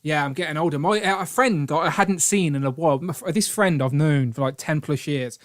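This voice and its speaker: On his toy-collecting live stream, a British man with a voice on the high side speaks fairly quickly, rambling jokily through casual chat as he reads out donations and thanks donors.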